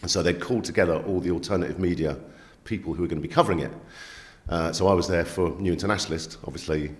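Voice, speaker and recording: A man, a magazine editor telling stories in an animated interview, emphatic and streetwise, often checking in with "yeah?" and "right?". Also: low-pitched, racing. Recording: echoey room.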